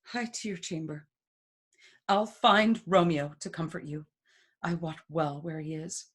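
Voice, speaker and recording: A woman's voice: deep voice, unhurried, husky. A woman reading the part of an older nurse from a play aloud, in a plain, matter-of-fact way. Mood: reassuring. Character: older female nurse, bustling and comforting.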